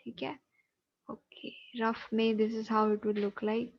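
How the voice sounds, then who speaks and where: A woman with an Indian English accent teaches an online class, explaining steps patiently and often checking whether her students follow. Her voice sits fairly high. The sound is dull and lo-fi, like video call audio. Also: flat delivery, normal speed, vocal fry. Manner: patient, explanatory, checks understanding with tag questions.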